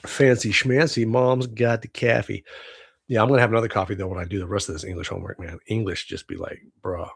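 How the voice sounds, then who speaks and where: A man's voice: on the low side, steady tone, fast, creaky, husky. A man in his forties from the United States hosting a casual livestream from home on a webcam, rambling, laughing often and swearing freely. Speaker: livestream host.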